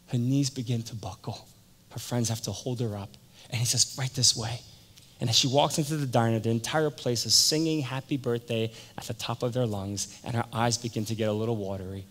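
A male pastor preaching a sermon and telling a story, acting out the voices and swinging from loud to hushed. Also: mid-range voice, moderate pace. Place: church sanctuary. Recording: echoey church hall.

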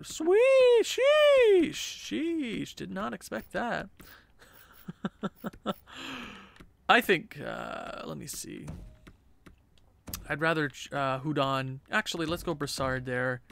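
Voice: mid-range voice, lively intonation, slow pace, creaky, long pauses, bright, forceful tone. A gaming channel host giving casual, chatty gameplay commentary and laughing at their own jokes.

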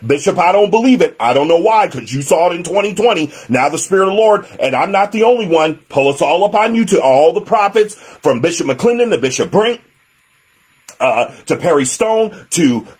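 A man's voice: a little high, lively intonation, normal speed, darkish tone, breathy edge. A man preaching a sermon as pastor, emphatic, with a repetitive preaching cadence. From United States.

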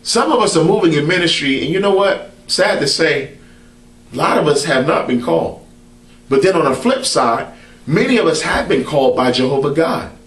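A man's voice: fairly high pitch, lively intonation, normal speed, a bit bright, distant mic. A man preaching a conversational sermon to camera as an apostle, talking casually and dropping frequent amens to his listeners. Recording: roomy echo, speaker set back from the mic.

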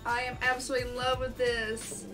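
A woman's voice: a little high, level tone, fairly quick, music in the background. A woman chatting casually in a home vlog, gushing and exclaiming often. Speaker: vlogger.

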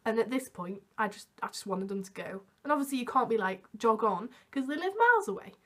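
A young woman vlogging, telling a story in an animated way and acting out the quoted voices. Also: fairly high pitch, fast talker. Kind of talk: storytime vlog.

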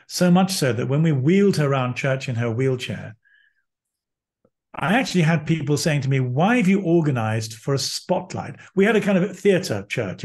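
A man who is a priest, a guest telling personal stories in conversation, earnest and lively, acting out what people said. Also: mid-range voice. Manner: earnest, lively anecdotes with acted-out quotes.

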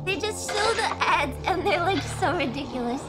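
Giggly high-voiced young woman streamer. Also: moderate pace, over loud music. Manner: giggly, swears freely, animated. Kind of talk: casual reaction stream.

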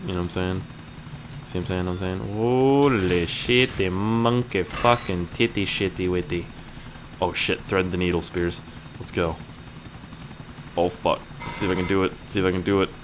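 A young man giving rambling, profane gameplay commentary, breaking into yells at the game. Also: deep voice, little pitch movement, brisk, background noise. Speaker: gaming YouTuber.

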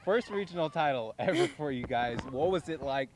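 A man's voice: a little high, lively intonation, moderate pace, noisy background. A man working as a local TV sports reporter, asking a young athlete chatty questions and laughing lightly between phrases.

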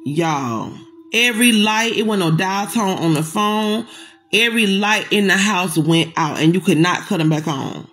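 A woman telling a personal story straight to her audience in a casual storytime monologue, animated and dramatic, swearing often. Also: medium pitch, unhurried, slightly rough, no echo, low-quality recording.

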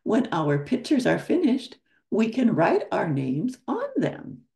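A woman reading aloud as a cheerful young boy who leads his friends at play, in her own slow, gravelly storybook voice. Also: mid-range voice, wildly swooping pitch, dark tone, pitched above the performer's own voice, full character voice.

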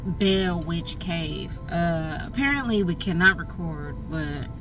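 A woman's voice: fairly low pitch, slow pace, music in the background. A woman chatting casually in a travel vlog, with a playful, giggly manner. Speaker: travel vlogger. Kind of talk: casual chat.

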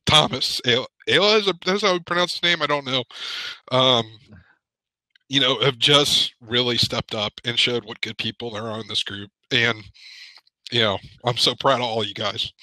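A man in a podcast video call, talking haltingly with many pauses and fillers, choked up with emotion. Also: medium pitch, sharp tone, dry recording, low-quality recording. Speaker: podcast panelist. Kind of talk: emotional casual chat. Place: home.

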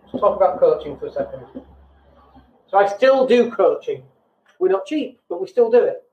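A British man with a fairly high voice talks bluntly and casually on his podcast, often joking at his own expense. The sound is thin and tinny, like a phone line, with a noticeable echo from the room. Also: big pitch swings, moderate pace, dark tone. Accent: British English. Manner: blunt, self-deprecating, acts out quoted people. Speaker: podcast host. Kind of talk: casual business podcast talk.

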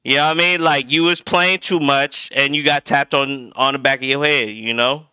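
A man hosts a reaction video with a very bright, crisp voice. He talks in loose, slangy asides. The sound is close and dry. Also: medium pitch, steady tone, moderate pace, no room sound. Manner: slangy, loose, keeps saying "you know what I'm saying". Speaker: reaction channel host. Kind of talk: casual reaction commentary.

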